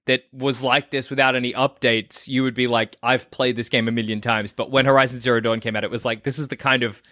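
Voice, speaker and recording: A man co-hosting a casual gaming podcast, teasing his friends and quick to laugh. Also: medium pitch, flat delivery, pushed and bright, no echo. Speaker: podcast co-host. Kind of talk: casual chat.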